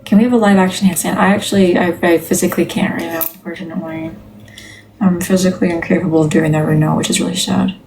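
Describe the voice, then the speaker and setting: A woman's voice: on the low side, fairly even intonation, fast, darkish tone, slight background noise, low-quality recording. A woman hosting a casual livestream from home, talking in a candid, rambling way with many restarts. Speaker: livestream host. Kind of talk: casual live-stream chat.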